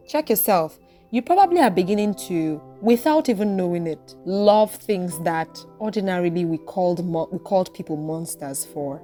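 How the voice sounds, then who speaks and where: A woman hosting her own podcast, talking straight to listeners in an outspoken, expressive, preaching way. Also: medium pitch. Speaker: podcast host. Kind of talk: reflective solo podcast monologue.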